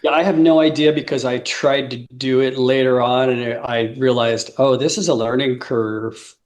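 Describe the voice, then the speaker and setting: A man's voice: medium pitch, steady tone, moderate pace. A man in his fifties, a musician guest telling rambling stories in a casual interview, laughing often and acting out quotes.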